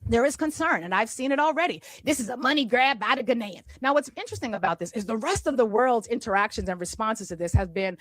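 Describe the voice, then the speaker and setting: Fast, high-voiced woman commentator. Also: expressive, dry recording, studio quality. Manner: taunting, sarcastic.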